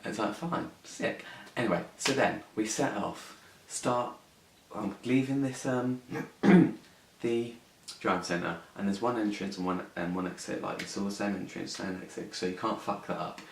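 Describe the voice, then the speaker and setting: A man's voice: lowish voice, a little slow, creaky. A young man telling a story on his vlog, sweary, rambling and indignant. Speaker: vlogger. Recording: echoey room, mic at a distance, faint hiss.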